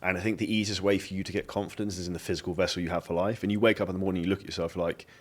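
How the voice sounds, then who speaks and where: A man's voice: low-pitched, steady tone, racing. A man from Dubai hosting a podcast interview, talking bluntly and swearing freely in casual chat. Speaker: podcast host.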